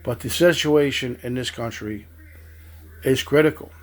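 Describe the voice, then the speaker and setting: A man's voice: medium pitch, unhurried. A man giving a stern political monologue, accusing and addressing people directly. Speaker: political commentator.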